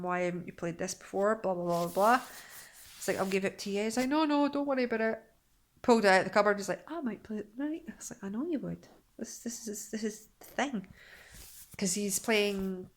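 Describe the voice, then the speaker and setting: A young woman talks to camera in a relaxed daily vlog. Her voice sits at an ordinary middle pitch, and she rambles along with restarts, asides and quick laughs. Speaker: vlogger. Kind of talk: casual daily vlog chat.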